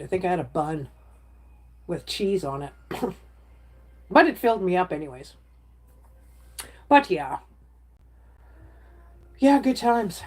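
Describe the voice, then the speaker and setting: A woman's voice: lowish voice, a little mellow. A middle-aged woman chatting casually on a livestream, rambling from topic to topic and reacting to viewer comments.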